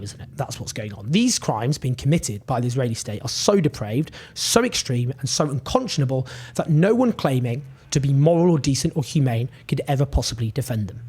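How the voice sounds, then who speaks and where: A man's voice: mid-range voice, a little mellow, husky. A man giving indignant scripted political commentary, emphatic and full of rhetorical questions.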